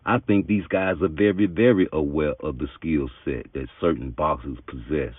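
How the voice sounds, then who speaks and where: Deep, low man, emphatic boxing commentator, thin phone-line audio. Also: animated, normal speed, few pauses, dry recording. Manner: emphatic, argumentative, street-talking. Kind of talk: opinionated commentary monologue. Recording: tinny phone-like dry sound.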